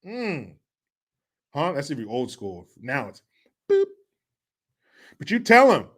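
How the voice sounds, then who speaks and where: Guy with a highish voice ranting and cursing, mocking bits over and over. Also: wildly swooping pitch, slow, a bit bright. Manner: riffing, mocking, repeats catchphrases. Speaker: commentary show host. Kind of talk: profane comedic rant.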